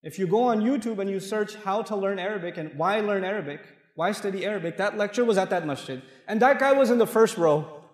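Speaking fairly quickly with lively intonation and a high-sitting voice, a middle-aged man gives a playful lecture built on stories to a mosque crowd. The Islamic lecturer acts out the dialogue in his anecdotes, and the recording is distant and echoey in a large hall.

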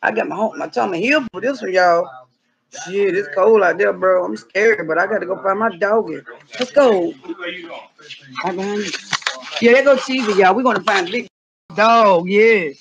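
A woman vlogging outdoors, talking in a dramatic, excitable way with exaggerated fright. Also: medium pitch, moderate pace, creaky, poor audio. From North Carolina. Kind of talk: casual comedic vlog. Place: outdoors in the cold.

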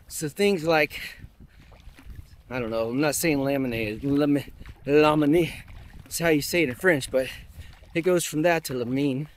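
A man vlogging from a river while paddling, chatting casually and thinking aloud with lots of asides. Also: fairly high pitch. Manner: thinks aloud, rambling, many fillers and asides. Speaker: vlogger training for a river race. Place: outdoors on a river in a kayak.

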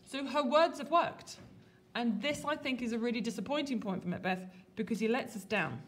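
Woman teacher, fairly high voice, chatty and lively, calls on students in class. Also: moderate pace, few pauses. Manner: lively, colloquial, questions students. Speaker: English teacher. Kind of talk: classroom literature lesson.

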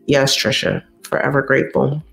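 A woman's voice: rumbling low, monotone, normal speed, vocal fry, a bit bright, soft background music. A young woman hosting a casual livestream, chatty and effusive, reading and answering comments as she goes and repeating herself for emphasis. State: teary, stuffy nose. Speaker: YouTube host reading live chat.

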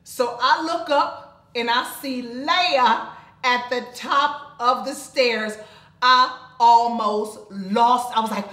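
Animated woman, roomy echo. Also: a little high, slow pace. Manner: animated, dramatic retelling with loud shrieks. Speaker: podcast co-host. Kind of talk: casual storytelling. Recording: echoey room.

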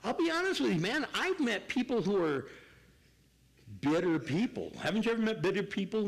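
An older man preaching as pastor, animated and acting out people in quick asides. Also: sits high, vocal fry, rough recording. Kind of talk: sermon.

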